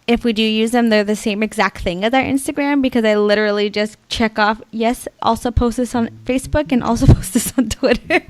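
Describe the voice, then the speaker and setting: A young woman co-hosting a podcast in casual chat, full of "like" and quick laughing asides. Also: a little high, dry recording. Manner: chatty, lots of "like" and laughing asides. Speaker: podcast co-host.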